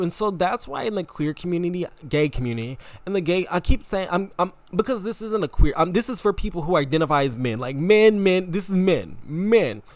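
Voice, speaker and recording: A young man hosting a podcast, talking in a casual, animated, repetitive way with frequent laughter. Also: high-pitched, brisk, no room sound. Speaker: podcast host. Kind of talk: casual opinion monologue.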